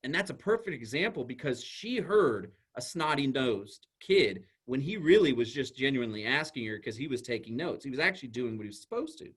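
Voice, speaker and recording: A man, a school psychologist, giving an animated presentation to an audience and explaining ideas through everyday examples. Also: medium pitch, a little fast, hardly any pauses, slightly rough.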